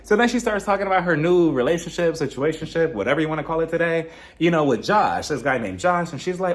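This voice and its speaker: Man, young adult, casual gossipy recap host, animated pitch, mimics people. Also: fast. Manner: chatty, gossipy, acts out cast members' lines in mimicking voices.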